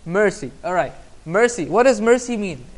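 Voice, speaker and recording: A man's voice: high voice, expressive, moderate pace. A man giving a casual Islamic class online, conversational and often asking "right?" to check in. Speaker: Islamic teacher.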